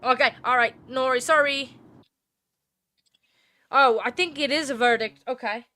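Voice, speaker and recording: Woman, livestream host, bright voice, dry close sound, chatty with fillers. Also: high voice, normal speed, no room sound. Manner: chatty, many fillers and restarts. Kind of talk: casual livestream chat.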